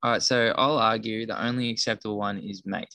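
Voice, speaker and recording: A man's voice: on the low side, steady tone, fairly quick, creaky, pushed and bright, dry recording. A man, playfully running a quiz segment on a podcast. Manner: playful quiz-master, teasing. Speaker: podcast co-host. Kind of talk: casual chat.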